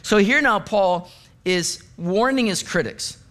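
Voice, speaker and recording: Male pastor, higher-pitched voice, chatty sermon delivery with playful acted asides. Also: slow pace. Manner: conversational, animated preaching with acted asides.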